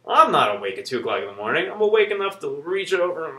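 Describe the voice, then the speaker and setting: A man vlogging, ranting heatedly in an animated way and swearing casually. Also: a little high, fast, reverberant. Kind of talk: ranting video blog.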